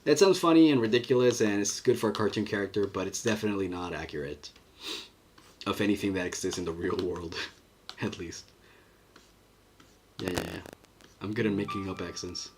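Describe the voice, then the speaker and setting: A man with a somewhat low voice talks casually through his animation livestream, murmuring his thoughts as he draws and reads the chat. Faint keyboard clicks sit underneath. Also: a little fast, long pauses, background noise. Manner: thinking aloud, murmuring, reading chat. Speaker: animator streaming his drawing work. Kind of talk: casual livestream commentary while drawing.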